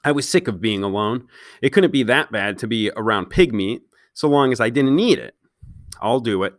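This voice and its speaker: A man's voice: mid-range voice, expressive, no echo, studio quality. A man reading a children's novel aloud, stopping now and then to ask his listeners questions. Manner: pauses to question listeners directly. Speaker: read-aloud storyteller.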